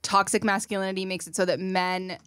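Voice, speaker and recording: Woman on a podcast, mid pitch, calm and thoughtful, dry close mic. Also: clean tone, no echo. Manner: thoughtful, measured explaining. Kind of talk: casual chat.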